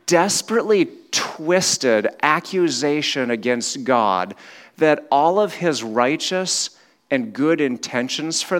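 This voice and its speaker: A middle-aged man preaching a sermon in a church. He swings between loud, animated retellings and quiet, slow reflection. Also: medium pitch. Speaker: pastor. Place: church hall with a screen.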